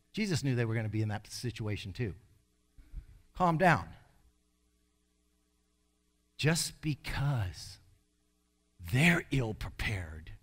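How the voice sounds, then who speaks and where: A male pastor preaching a sermon in an emphatic way, with sudden loud bursts. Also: medium pitch, breathy edge.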